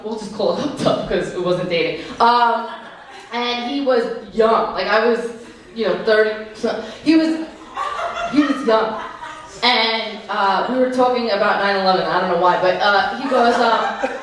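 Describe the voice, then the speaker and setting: A woman, doing brash, self-mocking live stand-up comedy. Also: medium pitch. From New York. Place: comedy club stage. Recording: echoey live room, mic at a distance. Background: audience laughter.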